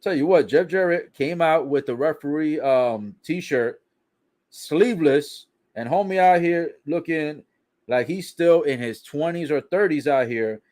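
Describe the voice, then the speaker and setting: A man's voice: fairly high pitch, measured pace, darkish tone. Swearing, chatty man recapping wrestling. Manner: swearing, laughing, chatty slang. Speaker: wrestling show reaction commentator. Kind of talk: casual recap of a wrestling broadcast.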